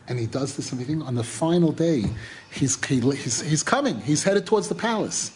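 A middle-aged man teaching a religious lesson by retelling a folk tale. His voice is husky and sits fairly high. He repeats words and restarts phrases often, swinging his pitch up on vivid moments. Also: fairly quick. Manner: repetitive, animated retelling with many restarts. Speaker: Torah teacher.

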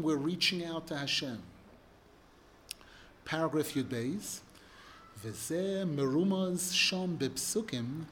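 A man's voice: a little high, a little hiss or hum. A man teaching a religious text class, who reads passages in Hebrew and then explains them with rising emphasis. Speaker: Torah teacher.

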